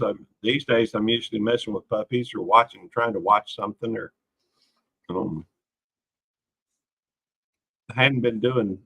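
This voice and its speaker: Male livestream host, low pitch with a bright, forceful edge, folksy rambling chat. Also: breathy edge, poor audio. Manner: rambling, folksy, greets viewers by name. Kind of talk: casual late-night livestream chat.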